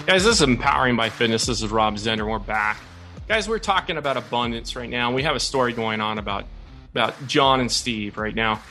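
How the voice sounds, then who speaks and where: A man's voice: medium pitch, animated, fairly quick, music in the background. A man hosting a motivational show, telling stories and repeating points emphatically. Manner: emphatic storytelling with repetition. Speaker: podcast host. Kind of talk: motivational talk.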